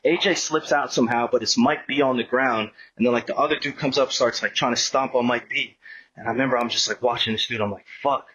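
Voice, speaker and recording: A man's voice: medium pitch, fairly even intonation, quick pace, a bit bright, slightly rough, highs cut off. A man guesting on a podcast, telling a long story in a rambling, profane, casual way and acting out what people said. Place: podcast studio.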